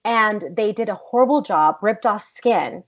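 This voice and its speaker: An American actress recounts an episode in a casual podcast chat, emphatic and blunt, with swearing thrown in. Her voice sits at a middling pitch. The recording is a little dull and lo-fi. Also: animated, measured pace. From United States. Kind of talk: casual storytelling interview. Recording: slightly dull lo-fi podcast audio.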